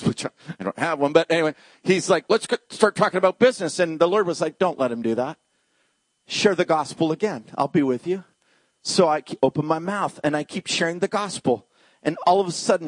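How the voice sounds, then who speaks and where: Male pastor, lively sermon storyteller who voices each character, close and dry. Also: high voice, dry recording. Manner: animated storyteller acting out dialogue, dropping to hushed tones.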